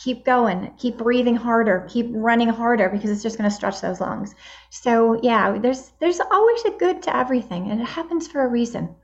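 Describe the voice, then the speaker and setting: A woman of about sixty, appearing as a guest and speaking as a midlife empowerment advocate, answers interview questions in an upbeat, motivational way. Her voice sits on the high side and sounds animated, at a normal speed. The recording is dull and lo-fi.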